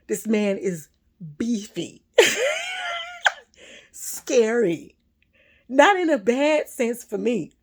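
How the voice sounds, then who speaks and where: A woman telling a personal story in a casual monologue, loud and animated, laughing often. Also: on the high side, drawn-out words, pauses often. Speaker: spiritual vlogger.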